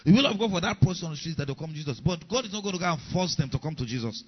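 A man's voice: on the high side, expressive, racing. Middle-aged male preacher, emphatic and repetitive, muffled lo-fi sound. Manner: emphatic, repeats key lines, questions the congregation. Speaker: pastor. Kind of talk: sermon.

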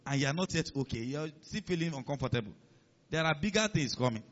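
Male preacher, high tenor, emphatic sermon delivery, dull lo-fi recording. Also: lively intonation, quick pace, a bit bright. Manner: emphatic, calls on the congregation to respond.

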